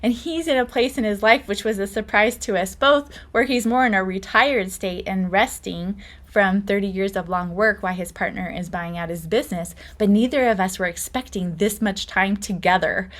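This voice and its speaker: A middle-aged woman hosts a podcast, telling stories in a chatty, casual way and laughing often. Her mid-range voice has a fairly bright tone, and she talks at a normal speed with hardly any pauses.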